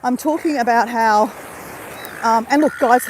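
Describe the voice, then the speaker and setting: In this beach vlog, a chatty Australian woman live-streams as a YouTuber, laughing and talking directly to viewers while walking casually outdoors with her phone held at arm's length. Her voice is on the high side and a little slow, and background noise is audible.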